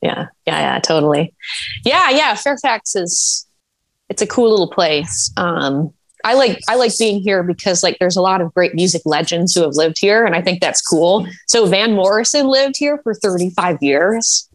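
A woman's voice: fairly low pitch, expressive, moderate pace. A woman with a Wisconsin accent, a podcast guest talking in an easygoing, chatty way and laughing often. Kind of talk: casual chat.

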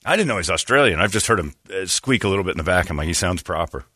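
A man's voice: low-pitched, lively intonation, very fast, sharp tone, no room sound, clean studio sound. A man hosting a casual talk show, telling crude jokey stories with lots of animation. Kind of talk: crude comedic banter.

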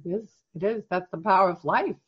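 Soft-spoken, husky podcast host. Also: medium pitch, dull audio. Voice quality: soft-spoken, slow and gentle when guiding. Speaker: podcast host guiding a reflection exercise. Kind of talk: casual chat turning to guided reflection.

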